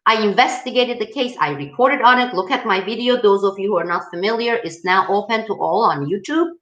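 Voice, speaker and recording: A woman's voice: medium pitch, fairly quick, a bit bright, echoey room, highs cut off. A woman hosting a political channel, answering viewer questions in an emphatic, rallying way. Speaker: host of a political video channel. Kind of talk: live-style viewer Q&A.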